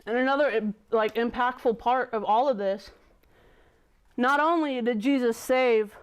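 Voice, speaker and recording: A young woman giving a casual youth sermon, reading scripture and chatting it over in a relaxed, conversational way. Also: a little high, a little slow, smooth. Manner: chatty, conversational, many "like" fillers. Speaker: youth leader.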